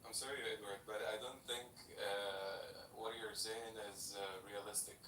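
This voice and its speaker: A man with an Arabic accent speaks earnestly, halting often on fillers as he argues his point. His voice is bright and sits back from the microphone. The room around him is echoey and carries a faint hiss. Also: on the low side, flat delivery, distant mic. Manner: earnest, hesitant, many fillers. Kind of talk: casual political debate.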